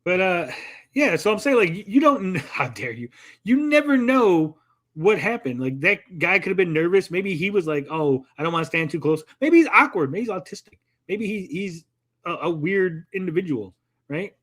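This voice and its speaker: High, animated and a bit bright, this co-host's voice carries a rambling livestream conversation loaded with "like." He brings his stories to life by voicing the people in them, fast and quoted.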